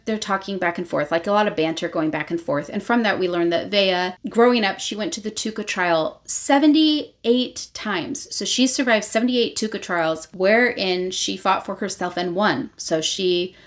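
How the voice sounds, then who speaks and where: A woman's voice: mid-range voice, normal speed, hardly any pauses. A woman hosting her own channel, giving a casual spoken recap of a novel and retelling scenes loosely with plenty of fillers. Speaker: book reviewer, channel host.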